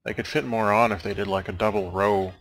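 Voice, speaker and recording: Young male let's-player, low gravelly voice with a bright, forward edge, dry, wry rambling commentary. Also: steady tone, a little fast. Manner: wry, dry jokes, meandering asides. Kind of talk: casual rambling commentary over game credits.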